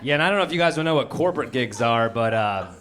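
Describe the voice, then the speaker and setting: A man's voice: medium pitch, expressive, quick pace, heavy background noise. A middle-aged man doing a stand-up comedy set, telling a story in a sardonic way and acting out the quotes, on a handheld mic in a comedy venue. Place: comedy venue with live audience. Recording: live audience laughter behind.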